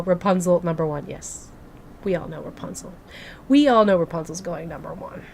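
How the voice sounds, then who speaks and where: A young woman streamer chatting casually and gushing to her live chat, full of "like" fillers. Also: medium pitch. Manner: bubbly, gushing, filler-heavy. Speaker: game streamer.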